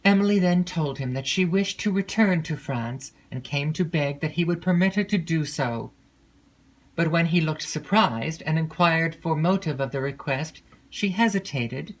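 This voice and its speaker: A woman narrating a classic gothic novel in an unhurried, measured storytelling voice. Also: sits low, rough recording. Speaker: audiobook narrator.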